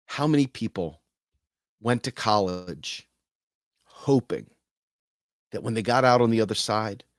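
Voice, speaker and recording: A man's voice: fairly low pitch, a little slow, dry recording, studio quality. A man hosting a casual talk to camera, earnest and speaking plainly, sometimes acting out other people's voices. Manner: earnest, acts out quoted voices. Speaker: host.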